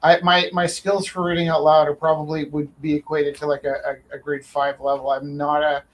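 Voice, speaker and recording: A man's voice: on the high side, level tone, a little fast, poor audio. A man hosting a live stream who tells a story casually, with many restarts and fillers. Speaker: host and auctioneer.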